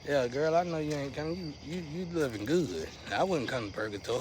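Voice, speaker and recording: A man talks straight to his viewers in a loose, rambling monologue full of slang. His voice sits in a middle pitch and keeps surging louder, then dropping low. A faint background noise hums beneath him. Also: quick pace, few pauses. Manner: rambling, slangy, restless swings in loudness. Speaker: vlogger.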